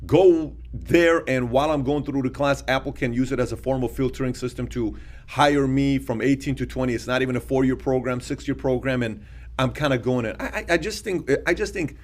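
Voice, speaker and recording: A man's voice: medium pitch, brisk. A middle-aged man co-hosting a podcast, thinking aloud in a casual discussion and often restarting his sentences. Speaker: podcast co-host.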